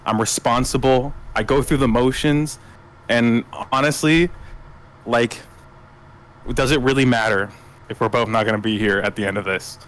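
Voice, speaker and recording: A man voicing a gruff, weathered telemarketing boss of about forty who speaks in a low, tired, grounded way. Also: moderate pace, fairly bright tone, close to an everyday voice. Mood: earnest.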